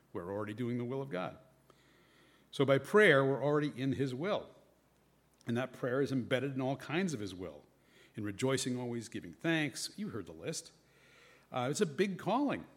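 A man preaching a sermon in a conversational way, reading scripture aloud and musing on it with varied emphasis. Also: mid-range voice.

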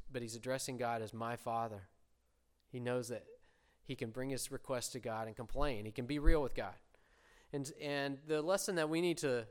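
A man preaching a sermon, earnestly explaining scripture and slowing down to voice prayers with emphasis. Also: mid-range voice, clean tone. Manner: earnest, slows and swells when voicing prayers.

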